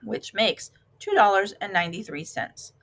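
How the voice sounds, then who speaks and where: A woman voicing a fussy, stingy male mouse in a storybook reading, talking in a high, pitiful, theatrical way. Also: lively intonation, normal speed, a bit bright. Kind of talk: storybook read-aloud.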